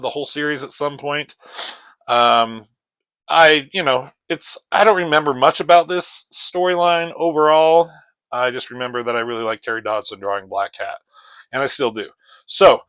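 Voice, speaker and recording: A man's voice: medium pitch, fairly bright tone, no echo, low-quality recording. A man giving a casual comic book review, rambling and swearing as he retells the story. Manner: profane, rambling, retells scenes in voices.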